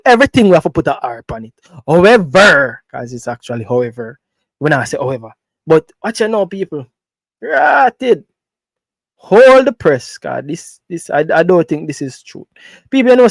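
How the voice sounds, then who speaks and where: A man's voice: a little high, dry recording, poor audio. A young Jamaican man hosting a football show, talking casually and playfully to his viewers as he reacts to figures on screen. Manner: animated, playful, talks to viewers as "people". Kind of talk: casual commentary to camera.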